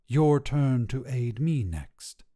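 A man voicing a cold, calm, aloof woman witch, speaking in a measured, cool way, only a little higher than his own voice.

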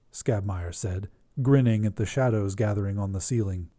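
A man hosting a flash fiction podcast, reading the story in even, measured narration. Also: fairly low pitch.

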